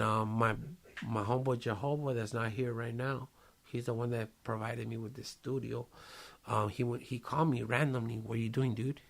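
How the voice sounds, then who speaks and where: A man's voice: mid-range voice, creaky. A man casually telling a long personal story in a podcast studio, cursing often and using street slang. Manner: profane, streetwise slang, lively retelling with quoted voices.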